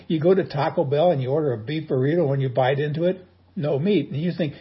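Husky-voiced pastor preaching a sermon. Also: male voice, on the high side, quick pace, muffled recording. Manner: folksy, humorous storytelling.

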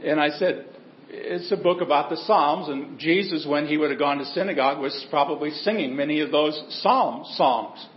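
Higher-voiced man preaching, echoey hall. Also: normal speed, lo-fi sound. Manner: conversational storytelling with humor. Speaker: pastor. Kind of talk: sermon.

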